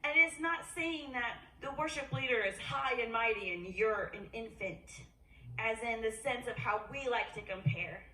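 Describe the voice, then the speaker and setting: A woman giving an informal sermon, animated, acting out quoted voices with jumps in pitch. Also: normal speed. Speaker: speaker at a worship gathering. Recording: echoey room, voice from a distance.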